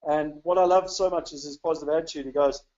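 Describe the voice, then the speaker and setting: A man's voice: a little high, steady tone, fast, a little mellow, lo-fi sound. A South African man from South Africa giving a casual, chatty webinar talk, upbeat and full of "you know" fillers. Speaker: webinar presenter.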